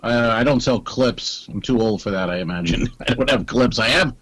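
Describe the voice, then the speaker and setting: A man co-hosting a comedy podcast in casual chat, with wry, deadpan teasing. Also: mid-range voice, moderate pace, husky, no echo, poor audio.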